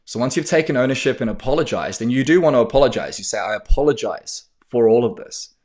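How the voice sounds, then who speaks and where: A man's voice: medium pitch, lively intonation, fast, darkish tone. A man hosting a podcast, coaching men on talking with their partners in a direct, blunt way, swearing freely and acting out sample lines. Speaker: podcast host and men's coach. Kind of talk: casual instructional talk.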